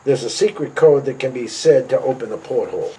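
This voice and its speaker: A man's voice: mid-range voice, fairly quick, dark tone, close to an everyday voice. A middle-aged man playing a dense, secretive uncle who lives alone in the woods, in a homemade film, with a mumbling, evasive delivery. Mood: teasing. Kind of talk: amateur film acting.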